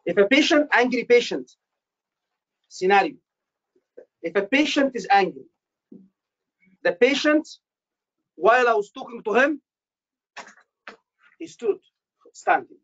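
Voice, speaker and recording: A man tutoring doctors for an exam, quizzing his class with quick questions and repeating key phrases for emphasis. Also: very high voice, very animated, fairly bright tone, dull audio. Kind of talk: live teaching session.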